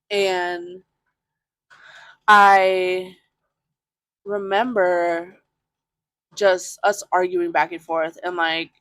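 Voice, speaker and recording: A woman's voice: fairly low pitch, a bit bright, no room sound. A woman podcast host telling a personal story in a candid, casual way, full of fillers and the odd swear word.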